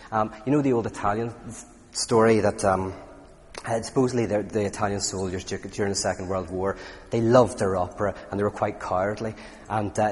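A man with a medium-pitched, slightly mellow voice gives a conversational talk on philosophy and faith. It's packed with anecdotes, fillers and restarts. The recording has the reverb of a large hall.

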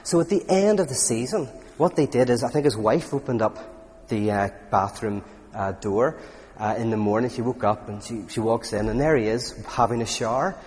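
In a big hall with long reverb, a man delivers an informal lecture at a normal speed. His voice sits at medium pitch, and his storytelling is animated and full of false starts.

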